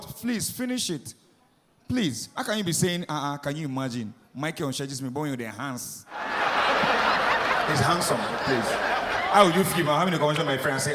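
A man's voice: fairly high pitch, normal speed. A man with a Nigerian accent doing a stand-up routine, mock-outraged as he imitates how other people pronounce words. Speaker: stand-up comedian. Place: live stage. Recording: echoey venue with loud background noise.

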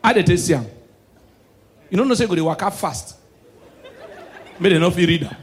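A young man with a Nigerian accent doing live stand-up comedy, excitable and shouting his punchlines. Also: high-pitched, a little fast.

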